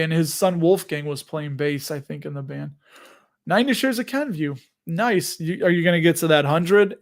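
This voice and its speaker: Live-stream host, man in his forties, somewhat high voice, chatty and digressive. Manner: chatty, rambling, laughs at himself. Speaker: host of a live investing show. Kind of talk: casual live-stream chat.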